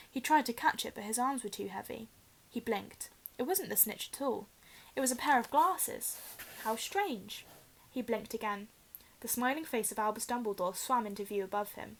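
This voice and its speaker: A woman teacher with a fairly high voice reads a children's novel aloud. Her reading is expressive and dramatic. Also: normal speed, low-quality recording.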